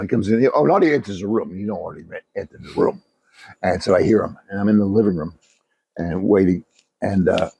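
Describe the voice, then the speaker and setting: A man's voice: sits low, gravelly, warm tone, slightly rough, no room sound. An older man co-hosting a podcast, telling rambling anecdotes in casual chat and swearing often. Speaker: podcast co-host.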